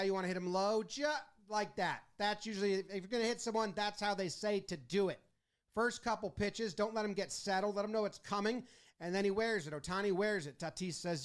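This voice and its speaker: A man with a high voice narrates a baseball highlight breakdown. He talks in an animated, casual way and slips into quick voices for the players and umpires he quotes. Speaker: sports video commentator.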